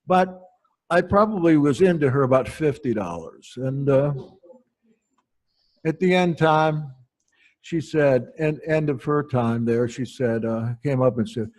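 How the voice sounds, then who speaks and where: A pastor telling wry, anecdotal stories from the pulpit in an unhurried way. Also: male voice, mid-range voice, a little mellow. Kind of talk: storytelling sermon.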